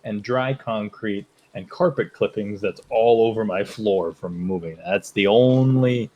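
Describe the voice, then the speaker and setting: A man's voice: lowish voice, a little slow, a little mellow, highs cut off, a little hiss or hum. A man co-hosting a podcast, chatting casually and laughing as he tells a long groaner joke. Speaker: podcast co-host. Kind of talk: casual chat.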